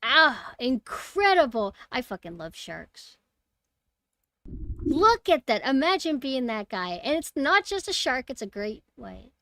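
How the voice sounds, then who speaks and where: A woman streamer talking casually to her viewers, excitable and swearing freely. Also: sits high, measured pace, dry recording. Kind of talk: casual live-stream commentary. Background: game music.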